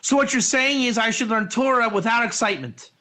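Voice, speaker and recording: A man teaching a Torah class, excitable and rhetorical, his voice jumping up when he gets animated. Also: very high voice, fairly quick.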